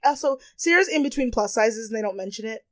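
A woman's voice: on the high side, expressive, fast talker, a bit bright, dry recording. A young woman co-hosting a podcast, talking casually and animatedly, often quoting people in exaggerated voices and laughing. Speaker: podcast co-host. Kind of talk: casual chat.

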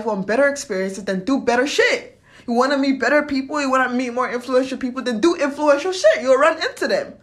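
A young woman with a fairly high voice vlogs a blunt, profane motivational monologue. She swings between loud ranting and quiet confession.

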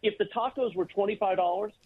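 A man calling in to a radio show, bantering in an animated, teasing way with mock-grand praise. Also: high voice, quick pace, husky. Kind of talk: casual sports radio banter. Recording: tinny phone line.

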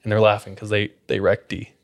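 A man's voice: fairly low pitch, little pitch movement, a little fast, creaky. A man hosting a podcast, casually retelling a spooky story, leaning on "like" as he talks. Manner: casual, filler-heavy retelling with frequent "like". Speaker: podcast host.

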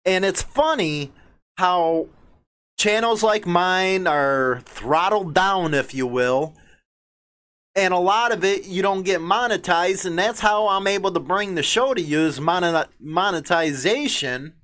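A man's voice: high voice, a little slow, fairly bright tone. A man with a Chicago accent hosting a biker news show, giving blunt, combative commentary and mocking asides while he reads news quotes aloud.

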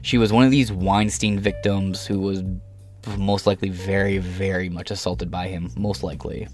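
A man's voice: low-pitched, little pitch movement, normal speed, darkish tone, soft background music. A man from Canada, hosting a podcast and ranting bluntly with lots of swearing. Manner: profane, blunt, heated. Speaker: podcast host. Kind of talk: ranting commentary.

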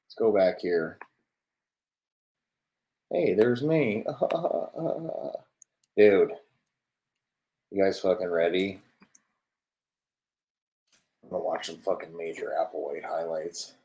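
A young man with a very low voice streams his reactions to football clips. He swears nonstop and talks loosely and casually to his viewers. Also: unhurried, long pauses, a little mellow, low-quality recording. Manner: profane, swears constantly. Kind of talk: casual live-stream commentary.

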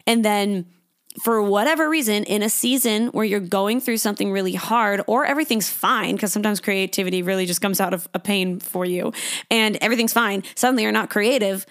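A young woman hosting her own podcast in a loose, chatty monologue, dropping swear words as she goes. Her voice sits in an ordinary middle range, and she keeps slipping into higher-pitched impressions of her own inner thoughts. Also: brisk. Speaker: podcast host. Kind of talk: casual solo podcast monologue.

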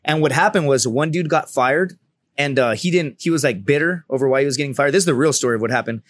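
A man in his thirties, a podcast guest, telling a story in casual, profane talk and loudly acting out the people he quotes. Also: mid-range voice, fast talker, no room sound, studio quality.

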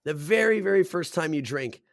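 A man's voice: fairly high pitch, normal speed, gravelly, no echo. Rambling young man, slang-heavy and dry. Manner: swears a lot, says "bro" and "dude"; rambling animated storyteller. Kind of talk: casual chat.

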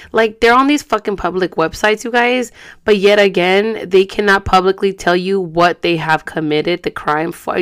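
A woman's voice: lowish voice, fairly bright tone. A woman in her thirties ranting to her viewers in a casual vlog, frustrated and profane, slipping in Spanish words. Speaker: vlogger.

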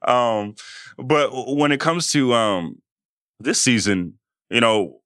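A man's voice: medium pitch, expressive, takes it slowly, a bit bright, dry recording, studio quality. A man hosting a podcast interview in casual chat, joking and teasing his guest playfully. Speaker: podcast host.

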